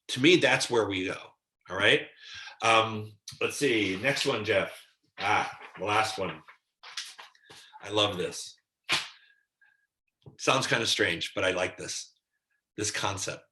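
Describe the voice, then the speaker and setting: Guy doing a spiritual teaching livestream, kinda low voice, punchy and earnest, voices his own self-talk, echoey room. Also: unhurried, pushed and bright. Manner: earnest and emphatic, acts out his own inner voice. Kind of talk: live-streamed teaching talk with viewer questions. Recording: roomy echo.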